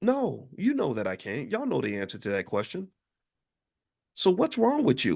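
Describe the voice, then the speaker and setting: A man's voice: medium pitch, wildly swooping pitch, normal speed, gravelly. A man hosting a podcast who delivers a fiery, preachy monologue packed with rhetorical questions. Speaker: podcast host and finance professor.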